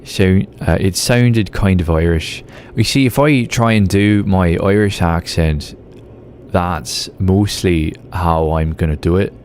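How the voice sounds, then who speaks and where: A low, slightly mellow voice comes from an Australian man who speaks slowly as he games live, with a little hiss or hum present. His talk with viewers is casual and rambling, packed with filler words.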